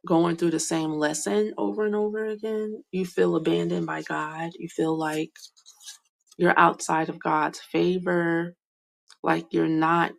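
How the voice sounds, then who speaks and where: A young woman giving a soft, hesitant spiritual card reading, full of fillers and whispered asides. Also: fairly low pitch, little pitch movement, a little slow, vocal fry. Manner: whispers names to herself while reading cards. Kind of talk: slow meandering card reading monologue.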